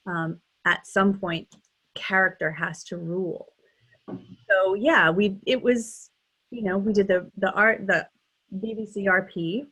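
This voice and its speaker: A woman's voice: lowish voice, a bit bright. A middle-aged woman, a dialect coach, talking casually in an interview, thinking aloud with frequent restarts and ums.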